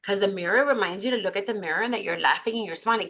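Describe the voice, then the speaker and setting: A woman's voice: mid-range voice, racing, few pauses, a bit bright. A woman leading her sales team in a casual training chat, upbeat and chatty with many fillers. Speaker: team leader of beauty consultants.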